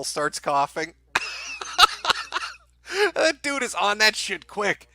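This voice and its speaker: Male stream host, fairly high and very bright voice, dry close sound, crude and laughing commentary. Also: sing-song, measured pace, gravelly, no echo. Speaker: livestream host. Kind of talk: profane livestream commentary reacting to videos.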